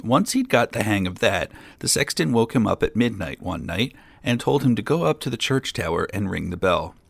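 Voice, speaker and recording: A man narrating a fairy tale in a measured way, with dry amused asides. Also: fairly low pitch, very animated, creaky, husky, dry recording. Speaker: storyteller.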